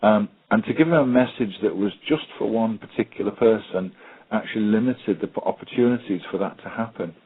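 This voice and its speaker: Husky man, thin phone-like sound. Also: on the low side, fairly quick. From United Kingdom. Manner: hesitant, lots of ums, anecdotal. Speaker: special needs technology trainer. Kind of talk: webinar presentation. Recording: tinny phone-like line.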